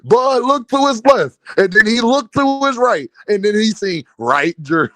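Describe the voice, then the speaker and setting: High voiced guy ranting about boxing on his stream, keeps laughing, dead dry sound. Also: animated, a little slow, sharp tone, dry recording. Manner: laughs a lot, mocking, repeats a running catchphrase; talks to live chat, slangy. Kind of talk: casual live-stream commentary.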